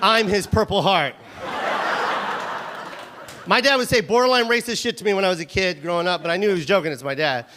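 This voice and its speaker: High bright-voiced guy doing stand-up, animated, laughs at his own jokes, faint hiss behind. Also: a little fast, pauses often. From Los Angeles, USA. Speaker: stand-up comedian. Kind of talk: stand-up comedy set.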